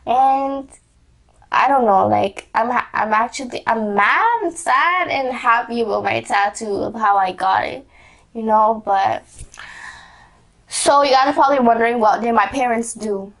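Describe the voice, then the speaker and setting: Give me a giggly, rambling young woman with a slightly high voice telling a storytime vlog. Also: measured pace, a bit bright. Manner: rambling, lots of "like" and restarts, giggly. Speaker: vlogger. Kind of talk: casual storytime chat.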